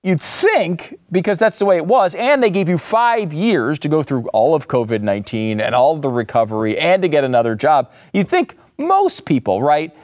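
Man, sarcastic commentary host, high-pitched, very animated delivery, dry sound. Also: moderate pace, few pauses, no room sound. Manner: sarcastic, incredulous, rising to exasperated outbursts. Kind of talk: sarcastic monologue reacting to news clips.

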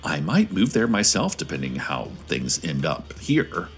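A man's voice: low-pitched, huge pitch swings, measured pace, soft background music, pitched below the performer's own voice, heavily acted. A man doing a breezy gossiping neighbor woman. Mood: gossipy.

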